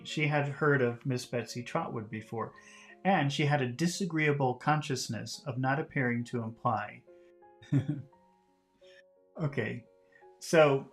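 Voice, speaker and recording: A man's voice: mid-range voice, fairly bright tone. A man teaching English by reading a classic novel aloud and patiently explaining its words in plain terms.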